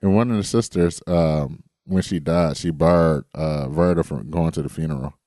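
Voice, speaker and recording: A man co-hosting a podcast in casual chat, relaxed as he tells a story. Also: extremely low pitch, moderate pace, no echo, clean studio sound. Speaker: podcast co-host.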